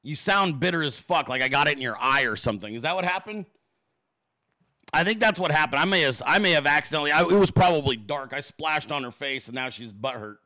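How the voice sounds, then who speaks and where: Brash, profane livestream host with bright voice. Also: male voice, expressive, fast talker, no room sound. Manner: profane, mocking, puts on shrill voices. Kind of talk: crude casual livestream rant.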